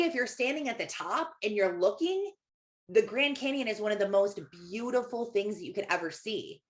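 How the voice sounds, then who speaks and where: A woman's voice: mid-range voice, fairly bright tone. A woman in her thirties, a Christian life coach, giving a faith-based motivational talk in a conversational, storytelling way.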